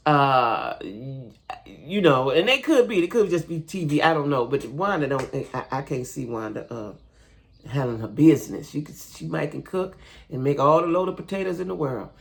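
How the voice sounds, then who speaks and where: A woman's voice: deep voice, lively intonation, normal speed, creaky. A woman giving a casual, chatty recap of a reality TV show, talking straight to her viewers and often checking in with a "right?". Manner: chatty, addresses viewers as "y'all", frequent "right?".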